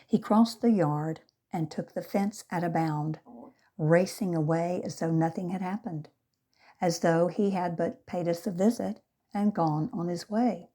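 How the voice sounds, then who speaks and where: Slow, low-voiced woman reading aloud. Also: mellow. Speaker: volunteer audiobook reader. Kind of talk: audiobook narration.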